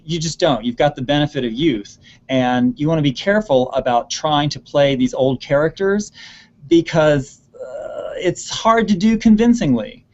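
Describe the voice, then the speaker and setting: A man's voice: fairly high pitch, a little mellow, dull audio. Earnest man giving theater advice. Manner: earnest, repeats words for emphasis. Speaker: theater expert answering student questions. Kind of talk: advice in an online Q&A. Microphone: video call.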